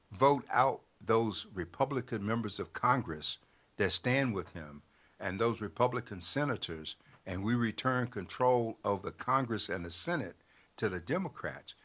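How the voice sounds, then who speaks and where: Man, low voice, newspaper editor, measured, explanatory, talk show. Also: fairly bright tone. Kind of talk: political talk show discussion.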